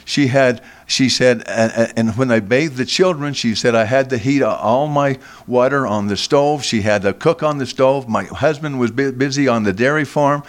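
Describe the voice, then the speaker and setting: An older man, a guest in a radio studio, telling a long personal story slowly, with frequent restarts and repeated words. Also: mid-range voice. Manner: slow, halting, with many restarts.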